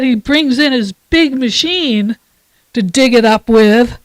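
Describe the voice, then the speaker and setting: Woman, church reader, calm, slow pace, dry close sound. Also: fairly high pitch, no echo, rough recording. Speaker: worship leader. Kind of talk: church reading and children's story.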